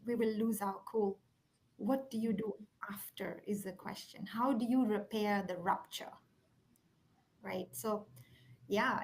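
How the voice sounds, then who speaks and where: A woman speaking earnestly and reflectively, telling a personal story, sometimes dropping almost to a whisper. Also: mid-range voice. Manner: earnest, reflective, softens to near whispers at key points. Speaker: guest speaker. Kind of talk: heartfelt conversational storytelling.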